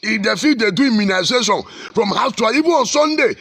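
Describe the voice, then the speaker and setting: A Nigerian-accented man preaching with fiery, repetitive insistence. His voice sits high and sounds rough and gravelly, with a sharp edge. It is recorded close and dry, with no room sound. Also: expressive, quick pace, dry recording. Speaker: pastor. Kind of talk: impassioned social commentary.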